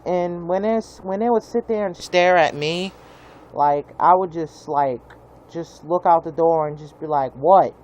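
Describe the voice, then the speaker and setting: A young man vlogs an angry, rambling, profane rant about his neighbors to camera, peppering it with "like." His voice is fairly high and unhurried.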